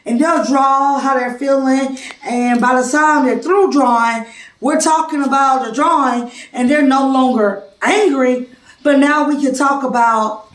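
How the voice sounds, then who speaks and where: A woman preschool teacher talks through a class presentation in a relaxed, conversational manner. Her voice sits a little high and comes from some distance off the mic, in a room with echo. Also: measured pace. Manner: informal, conversational explaining.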